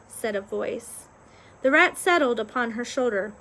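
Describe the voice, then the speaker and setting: Storybook reader: woman, expressive and unhurried, bright-toned. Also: on the high side. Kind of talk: reading a children's novel aloud.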